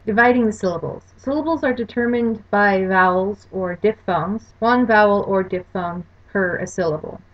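A woman's voice: mid-range voice, moderate pace, few pauses. A woman teaching a language lesson over a slide show, explaining rules carefully and spelling out examples. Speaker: language course lecturer. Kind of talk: recorded lecture over slides. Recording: dull lo-fi recording.

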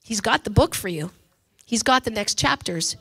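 A woman pastor preaches from the pulpit with a somewhat high voice. She is impassioned, dropping low and hushed and then rising to loud bursts. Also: lively intonation, moderate pace, slightly rough. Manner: impassioned, swings between quiet and loud. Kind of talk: sermon. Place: church pulpit.

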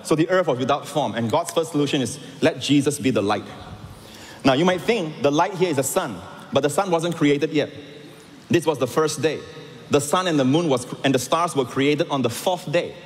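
Animated male pastor in echoing hall. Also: fairly high pitch, moderate pace. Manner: animated preaching with rising emphatic lines. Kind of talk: sermon. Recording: long hall reverb.

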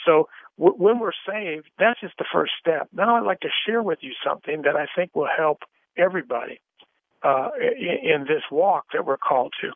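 A man's voice: fairly high pitch, no room sound. An older man giving a rambling personal testimony on a Christian radio show, full of fillers and restarts. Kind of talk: casual testimony storytelling. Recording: dry, tinny phone-line sound.

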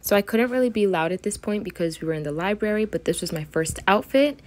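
A young woman chatting casually to her camera as a vlogger, excited and full of fillers. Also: mid-range voice, fast talker. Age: young adult. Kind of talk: casual vlog talk to camera. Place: in a car, then on a college campus.

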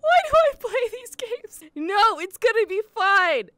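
A young woman streaming a VR horror game, jumpy and quick to yelp and swear at each scare. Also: extremely high pitch, big pitch swings, a bit bright. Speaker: VTuber streamer. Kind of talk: horror game livestream commentary. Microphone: headset in VR.

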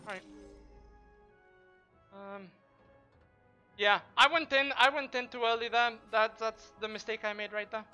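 Brash, bright-voiced gaming streamer man. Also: sits high, soft background music. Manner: brash, profane, quick to trash-talk; excitable shouts during fights. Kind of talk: live gameplay commentary.

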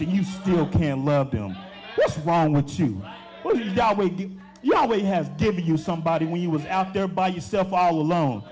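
A man's voice: sits high, expressive, normal speed, darkish tone, faint music behind. A young adult man, a deacon, preaching a sermon with emphatic, repeated phrases.

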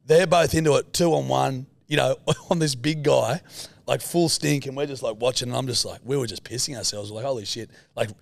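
Gravelly, swearing Australian man. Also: mid-range voice, a little fast, dry recording. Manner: crude, swears often, rambling anecdote. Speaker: podcast co-host. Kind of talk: casual chat, storytelling.

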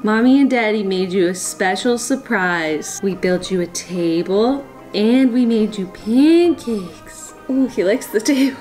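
A woman's voice: on the high side, lively intonation, slow pace, hardly any pauses, darkish tone, faint music behind. A woman vlogging at home, gushing in baby talk to her pet and laughing often. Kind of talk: casual home vlog.

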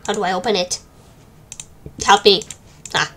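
A woman's voice: medium pitch, steady tone, normal speed, a bit bright, slight background noise. A woman streaming a game with casual, joking commentary and flustered muttering. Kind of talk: casual let's-play commentary.

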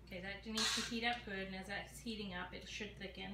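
A woman's voice: medium pitch, fairly even intonation, fast talker. A woman in her sixties talking casually to the camera in her home kitchen, chatty and folksy, speaking straight to her viewers. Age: 60s. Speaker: home cooking vlogger. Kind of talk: casual cooking chat to camera. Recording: echoey kitchen with clear background noise.

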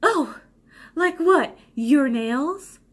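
A woman's voice: sits high, animated, extremely slow, voice pushed up, full character voice. A tipsy woman voicing a firm, blunt teenage boy who needles and questions. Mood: needling.

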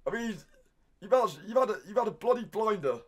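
Excitable British streamer, high lively voice. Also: male voice, fairly quick. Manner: excitable, loud outbursts, says "mate" constantly. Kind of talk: live-stream reaction commentary.

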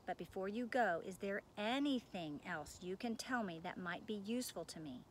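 A woman's voice: medium pitch, expressive, slight background noise, close to an everyday voice. A woman reading aloud, voicing a brave, kind young girl in a storybook who talks earnestly and firmly. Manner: earnest, firm, quick to question.

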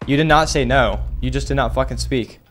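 A young man giving casual gameplay commentary as a streamer, excitable and swearing, breaking into rapid callouts. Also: mid-range voice, slight background noise. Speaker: gaming streamer.

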